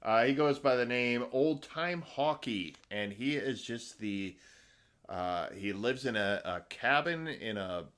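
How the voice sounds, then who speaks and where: A man's voice: medium pitch, expressive, slow pace, fairly bright tone. A middle-aged man co-hosting a podcast, chatting casually and rambling with many ums and restarts. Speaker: podcast co-host. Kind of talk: casual chat.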